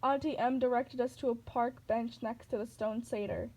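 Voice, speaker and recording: A woman narrating a novel aloud in a steady, plain reading manner. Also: on the high side, normal speed, rough recording.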